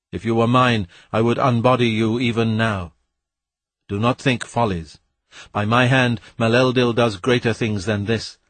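A man voicing an ancient, commanding spirit, speaking slowly and solemnly. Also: mid-range voice, dry recording, natural voice. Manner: slow, solemn, measured.

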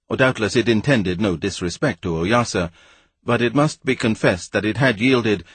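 Low husky guy reading a story aloud, dry close sound, wry and even. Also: no echo. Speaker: audiobook narrator. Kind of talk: storybook narration.

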